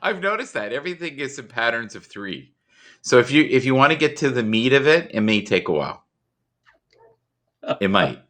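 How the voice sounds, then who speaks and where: A man hosting a casual livestream chat, talking in a rambling, jokey, animated way. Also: mid-range voice, moderate pace, pauses often. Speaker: livestream host. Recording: home computer mic.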